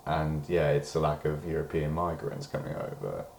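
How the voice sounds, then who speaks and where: Super deep voiced british guy rambling into the camera, lots of "you know" and restarts, echoey room. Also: lively intonation, normal speed, gravelly, darkish tone, a little hiss or hum. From Britain. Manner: meandering, full of hedges and restarts, swears when worked up. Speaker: diary vlogger. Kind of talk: rambling personal monologue.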